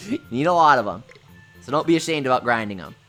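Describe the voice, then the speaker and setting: A woman streaming a game live, giggling often and gushing with excitement over her pulls. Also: rumbling low, a little fast. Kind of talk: live-stream gameplay commentary. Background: faint game music.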